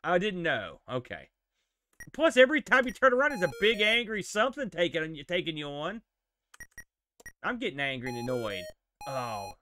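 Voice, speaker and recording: A man giving casual, animated live-stream commentary while playing a retro game, exclaiming and joking at it. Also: fairly high pitch, moderate pace, pauses often.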